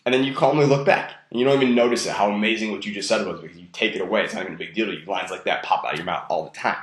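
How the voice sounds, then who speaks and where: Young man, dating coach, low voice, blunt, profane, self-amused, roomy room echo. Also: racing. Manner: stresses key words heavily. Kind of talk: casual instructional monologue.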